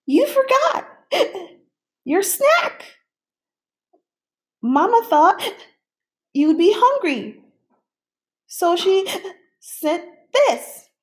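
A woman's voice: medium pitch, very animated, very slow, a little mellow. A woman voicing a tiny, cheerful girl monster with a sweet, giggly way of talking in a storybook reading.

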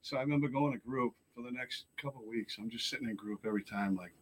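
A man from Lowell, a podcast guest telling his recovery story in a casual chat, animated and blunt, acting out the voices of the people in it. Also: fast, slightly rough. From Lowell, Massachusetts.

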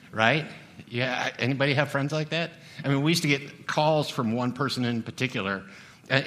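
A man's voice: medium pitch, bright, forceful tone. A middle-aged man preaching a sermon as a pastor, talking conversationally and joking with the congregation. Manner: conversational, humorous asides to the congregation.

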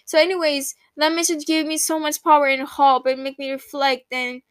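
High-voiced woman in an emotional, candid monologue. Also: little pitch movement, moderate pace, dry recording. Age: young adult. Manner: emotional, candid, swears casually. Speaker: podcast host. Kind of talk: reflective personal monologue.

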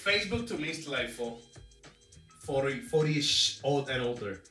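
A man's voice: mid-range voice, animated, normal speed, sharp tone, echoey room, far from the mic, faint music behind, poor audio. A man co-hosting a casual talk show, blunt and teasing with short dry remarks. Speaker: co-host.

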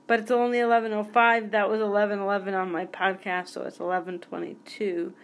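A woman's voice: medium pitch, level tone, fairly quick. Chatty woman in her forties, podcasting. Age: 40s. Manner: chatty, goofy, jumps between topics. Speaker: podcast host. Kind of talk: rambling solo podcast chat.

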